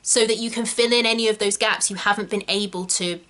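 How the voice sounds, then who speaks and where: A young woman from England teaches actors in a chatty, emphatic way, full of quick asides. Her voice is bright and clear, with an ordinary middle pitch. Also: fairly even intonation. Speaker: acting coach. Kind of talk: talking-head tutorial.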